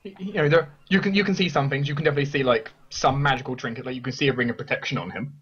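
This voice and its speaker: A man running a tabletop game as game master, narrating quickly with frequent restarts. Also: medium pitch, fairly bright tone, lo-fi sound, a little hiss or hum.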